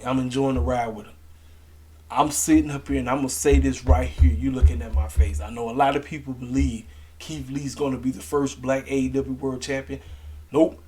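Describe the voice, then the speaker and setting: A man talking straight to his camera about last night's wrestling show, loose and slangy. He leans hard on his points and swings his voice up when something gets to him. His pitch sits in an ordinary middle range. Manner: animated, slangy, emphatic. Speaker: wrestling review vlogger. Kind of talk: casual opinionated commentary to camera.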